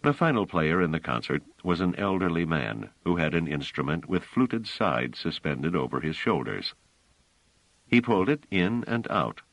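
A man reading a novel aloud as an audiobook narrator, with expressive storytelling. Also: sits low, no echo, rough recording. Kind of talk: scripted narration.

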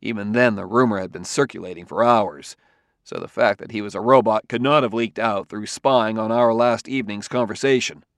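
A man playing a suspicious male police detective who talks in a forceful, intense, accusing way. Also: medium pitch, moderate pace, dry recording, clean studio sound, natural voice. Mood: heated.

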